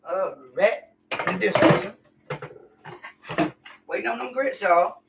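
A woman's voice: mid-range voice, unhurried, vocal fry, recorded from a distance, heavy background noise. A woman chatting folksily to viewers during a live cooking stream in her home kitchen. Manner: folksy, chatty, calls viewers y'all and honey. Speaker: home cook livestreamer. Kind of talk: casual live cooking chat.

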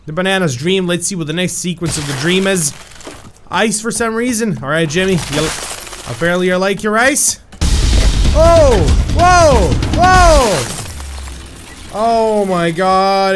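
A young man giving excited gameplay commentary, yelling at his character and then muttering to himself. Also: high-pitched, moderate pace, over music. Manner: loud, shouts at his game character; animated, swings from yelling to muttering. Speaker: gaming YouTuber.

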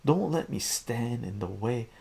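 A man doing scornful jilted girlfriend, husky, lively pitch. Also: a little slow, exaggerated voice. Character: jealous young woman, sharp and scornful.

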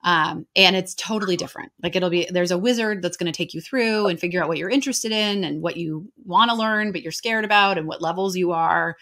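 A woman with an American accent, talking casually as a guest in an interview, chatty and quick, with lots of "like" and "right?". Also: on the low side, bright, forceful tone. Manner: chatty, fast, heavy on filler "like" and "right?".

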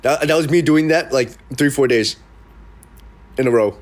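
A young man hosts a casual livestream, speaking in a mid-range voice at normal speed. He rambles through stories with many fillers and restarts, performing mock voices of the people he quotes.

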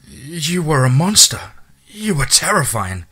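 A man voicing a caring young woman who talks softly and affectionately. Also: on the high side, sing-song, a little slow, slightly rough, pitched above the performer's own voice, heavily acted. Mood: tender. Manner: soft, affectionate.

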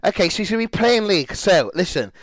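A young man livestreaming, excitable and swearing as he talks to his chat. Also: high voice, fast, no echo, clean studio sound. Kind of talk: casual livestream chat to viewers.

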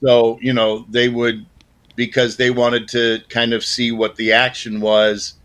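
Guest, man in his 60s, bright, forward tone, relaxed reminiscing that trails off softly. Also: mid-range voice, unhurried. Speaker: guest, former child actor. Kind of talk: casual interview chat.

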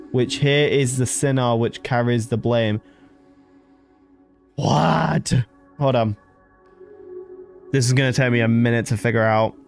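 A man commentating a horror game as he plays, excitable and jokey, reading the game's text aloud. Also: medium pitch. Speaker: gamer. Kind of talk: let's play commentary.

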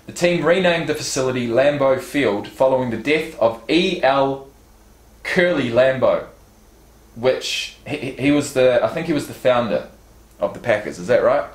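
A man's voice: mid-range voice, animated, moderate pace. A man casually unboxing fan gifts on his vlog, reading card stats and a letter aloud and swearing now and then. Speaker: YouTube vlogger. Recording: roomy echo.

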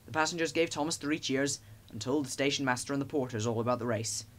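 Man, storybook narrator, expressive reading, middle pitch. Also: fast talker.

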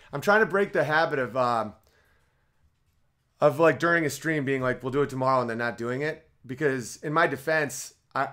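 A man's voice: mid-range voice, a bit bright. A man hosting a podcast livestream in a casual comedic monologue, rambling with stammered restarts and side jokes. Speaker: podcast host.

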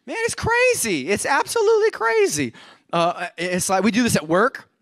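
A man preaching a humorous sermon as pastor, energetic and joking, often acting out everyday complaints. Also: extremely high pitch, normal speed, dry recording. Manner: energetic, joking, self-described overcaffeinated; acts out everyday complaints in quoted voices.

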